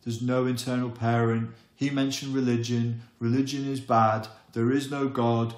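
A man's voice: flat delivery, normal speed, darkish tone, lightly acted. A man voicing a mocking, dismissive inner critic that jeers and repeats its refusals. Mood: scornful. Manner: jeering, repetitive, rising into shrill refusals. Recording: echoey room.

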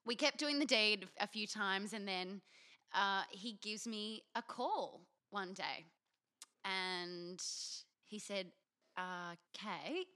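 A woman's voice: medium pitch, slow, bright, forceful tone. A young Australian woman telling a frank, self-mocking story as a podcast co-host. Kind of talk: candid storytelling chat.

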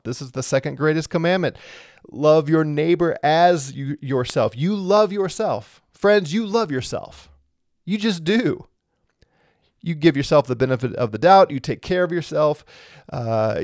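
A man delivers a sermon in an earnest, emphatic way, circling back over his own phrases. His voice sits a little higher than most men's. The sound is close and dry, with no room around it. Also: a little mellow, dry recording. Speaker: preacher.

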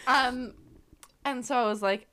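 A woman's voice: on the high side, a little slow, sharp tone. A young woman from Canada, co-hosting a casual podcast chat, rambling and laughing through her own stories. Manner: giggly, rambling storyteller, laughs through words. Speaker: podcast co-host.

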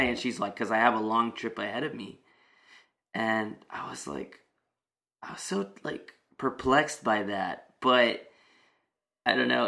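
Man, bright clear tone, casual storytelling, lots of ums and restarts. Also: medium pitch. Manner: rambling, many fillers and restarts.

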